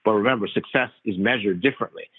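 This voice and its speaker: A man, a physician interviewed as a guest, telling stories in an animated, slangy, casual way. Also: lowish voice, fast, breathy edge, no room sound. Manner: animated, slangy, tells stories with quoted dialogue. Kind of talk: casual conversational storytelling. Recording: dry tinny phone-like line.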